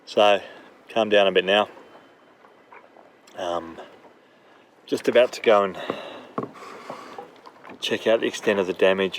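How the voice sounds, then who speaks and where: A middle-aged man in shock, talking haltingly with many pauses as he records a video diary aboard his damaged boat. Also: lowish voice, steady tone, slight background noise. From Australia. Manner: halting, filler-heavy. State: in shock, emotional. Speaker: sailing vlogger.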